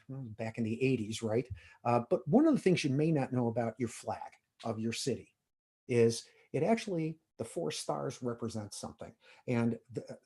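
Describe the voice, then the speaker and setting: Middle-aged male presenter, husky, casual and filler-heavy. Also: medium pitch, mellow. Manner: conversational, frequent "uh" and "if you will". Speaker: conference presenter. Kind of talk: technical user-group talk.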